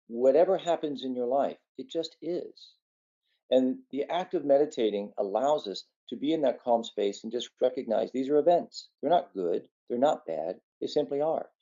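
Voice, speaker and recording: A man's voice: mid-range voice, mellow, lo-fi sound. A man giving an earnest, conversational talk on meditation and the ego, coming across as a physician teaching. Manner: earnest, conversational, tells a folksy story.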